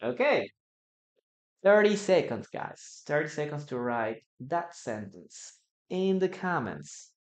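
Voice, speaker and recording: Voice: medium pitch, big pitch swings, slow pace. An English teacher, a native Spanish speaker, giving a live-streamed lesson, repeating example sentences and reading out viewer comments.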